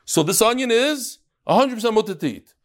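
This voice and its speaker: A man teaching a Talmud class, reading Aramaic lines and explaining them in English in a lively, questioning way. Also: very high-pitched, brisk.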